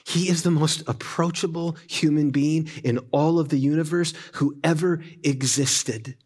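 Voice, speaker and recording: A man preaching a sermon at a church service, impassioned, often sinking to hushed, intimate tones. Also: on the high side, steady tone, a little slow, husky. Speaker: pastor.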